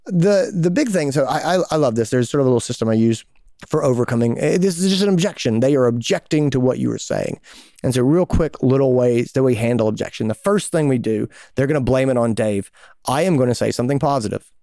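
A male podcast co-host in casual conversation, illustrating his points with small made-up scenarios. His voice sits at a middle pitch. The recording is close and dry. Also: expressive, fast talker, dark tone, no echo. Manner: conversational, spins little hypothetical stories. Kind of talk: casual advice chat.

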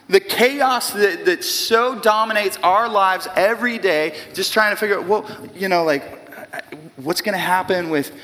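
A man in his early forties preaching a sermon in a conversational, animated way with casual asides. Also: high voice. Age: 40s. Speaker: pastor. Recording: long hall reverb.

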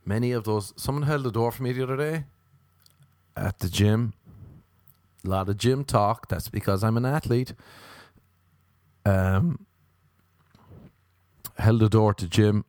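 Irish guy, young, low voice, wry self-mocking comic monologue, dry sound. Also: measured pace, pauses often, darkish tone, no echo. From Ireland.

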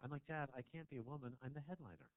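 A man doing a stand-up set in a small club, teasing the crowd, swinging between low mutters and loud shouts. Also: quick pace, a little hiss or hum. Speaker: stand-up comedian. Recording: dry, tinny phone-like sound.

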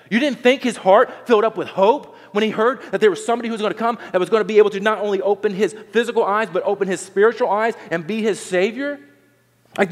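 A man preaching a sermon, animated, acting out the voices of the people in the story. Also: a little high, in a large hall. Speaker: pastor.

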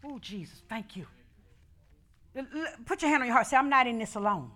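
Woman preacher, high-pitched, rhythmic and fervent, repeats lines, goes from hushed to shouting. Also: expressive, brisk. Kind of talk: call-and-response sermon.

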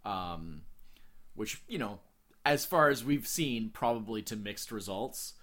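A man's voice: on the low side, lively intonation, slow pace, a bit bright. A man co-hosting a podcast in casual chat, sharing background facts with many filler words. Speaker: podcast co-host.

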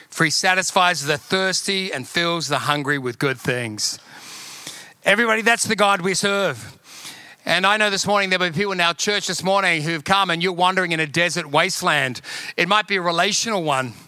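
A man's voice: sits high, brisk, bright, forceful tone, clean tone, no room sound. A man, a pastor preaching a sermon with emphatic, repetitive exhortation.

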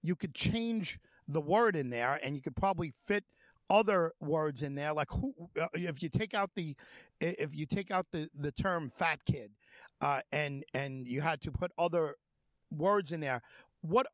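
Middle-aged male host, slightly high pitch, hesitant and restart-prone delivery. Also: fairly bright tone, no room sound. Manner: halting, many fillers and restarts. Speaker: interview host. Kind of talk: radio-style interview.

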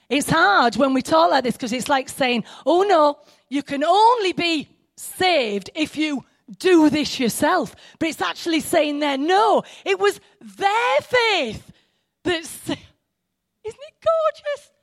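An excitable woman preacher, her high voice swooping up and down as she breaks off into asides. The sound is dry and close. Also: dry recording. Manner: animated, excitable, self-interrupting with asides. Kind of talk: sermon.

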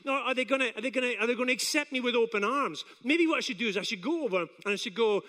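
A Scottish man in his forties, preaching a sermon as an animated, self-deprecating storyteller who acts out his own doubts. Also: very high voice, fast talker, hardly any pauses, in a large hall. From Scotland. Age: 40s.

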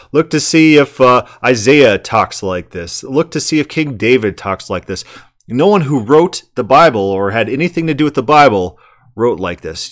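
A man commenting on a sermon clip, emphatic and argumentative, asking rhetorical questions and often repeating words. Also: mid-range voice.

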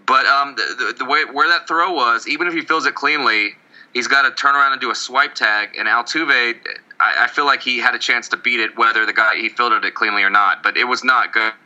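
Man, very bright voice, casual sports chat, rambling, joking, stammering restarts, radio-style sound. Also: mid-range voice, fairly quick, muffled recording. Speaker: podcast co-host.

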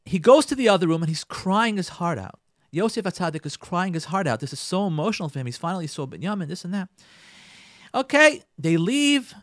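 A man giving a radio Torah talk, retelling a biblical story with dramatic emphasis and calling his listeners "ladies and gentlemen". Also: high voice, very animated, brisk, no room sound, clean studio sound. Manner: repeats and restarts phrases for emphasis.

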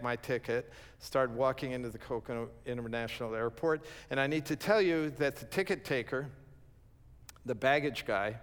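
A pastor telling a humorous story in a sermon, acting out the quoted lines and laughing at himself. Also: male voice, mid-range voice, fairly bright tone, smooth. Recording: long reverb of a large hall.

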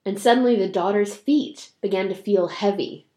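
A woman's voice: mid-range voice, moderate pace, warm tone. A woman casually reading a folk tale aloud as a podcast host, breaking off to joke and laugh. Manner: reads a story aloud, laughing and joking in asides. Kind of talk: casual storytelling with banter. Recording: roomy echo.

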